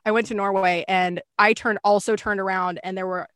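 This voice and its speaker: A woman's voice: medium pitch, steady tone, brisk, fairly bright tone, no echo. Bubbly woman hosting on a dry call. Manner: bubbly, laughs often. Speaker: host. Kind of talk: casual interview chat. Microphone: video call.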